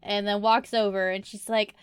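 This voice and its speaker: A woman playing a tabletop game, chatting in an animated, giggly way. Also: medium pitch, normal speed, clear, resonant tone, dry recording, clean studio sound. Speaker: player.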